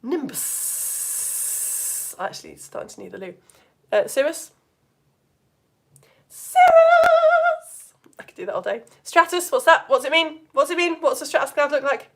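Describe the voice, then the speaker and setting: A woman's voice: sits high, animated, fast talker, pushed and bright. A woman from the United Kingdom teaching a live online science lesson to children, playful and coaxing as she asks questions and calls out words.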